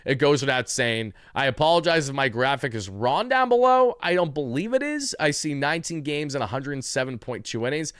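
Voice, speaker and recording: Smooth-voiced man hosting sports talk. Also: medium pitch, lively intonation, fairly quick, few pauses, fairly bright tone, dry recording, clean studio sound. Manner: conversational, opinionated, corrects himself mid-sentence. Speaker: sports channel host. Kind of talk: opinionated sports commentary vlog.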